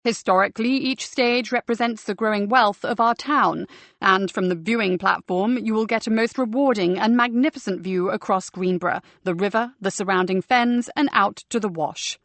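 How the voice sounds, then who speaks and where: A woman reading an audiobook, voicing a fussy, theatrical male church tour guide with a slow, showy delivery. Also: mid-range voice, fairly bright tone, dry recording, lightly acted. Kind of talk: audiobook character voice.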